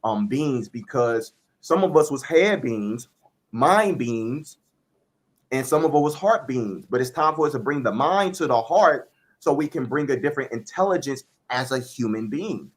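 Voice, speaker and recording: A man's voice: mid-range voice, lively intonation, moderate pace, breathy edge. A young man speaking earnestly as a guest in a spiritual conversation, repeating key phrases for emphasis.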